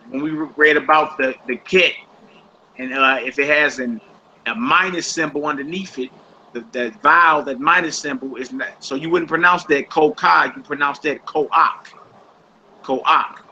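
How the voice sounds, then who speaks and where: Male teacher, slightly high and very bright voice, patient and repetitive, dull lo-fi sound. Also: moderate pace, a little hiss or hum. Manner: patient, repeats each instruction. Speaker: Hebrew teacher. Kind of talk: classroom instruction. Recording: dull lo-fi recording.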